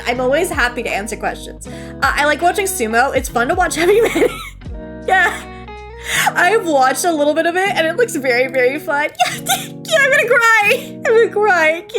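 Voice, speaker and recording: Young woman streamer, high voice, very lively pitch, giggly chatter, faint music behind. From United States. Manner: giggly, bubbly, swings between squeals and low mumbles. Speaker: VTuber streamer. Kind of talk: casual stream chat, reading chat.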